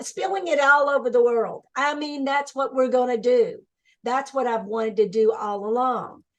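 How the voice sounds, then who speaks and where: A woman speaking as a webinar guest, telling her spiritual experiences with excited energy, restarting sentences as her thoughts rush ahead. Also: high-pitched. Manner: enthusiastic, spiritual, talks in bursts with restarts. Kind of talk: excited personal storytelling.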